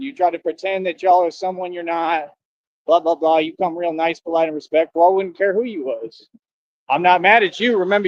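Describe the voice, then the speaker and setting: A man with a high voice delivers a boastful, taunting street rant on a livestream, heavy on slang. The sound is dry and a little muffled. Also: dry recording. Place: outdoors on a street.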